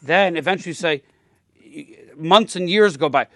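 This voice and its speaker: A man's voice: on the high side, normal speed, fairly bright tone, no room sound. Guy arguing on a podcast, real emphatic, does the voices of people he quotes, dry close mic. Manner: emphatic, acts out quoted speech. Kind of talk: podcast debate.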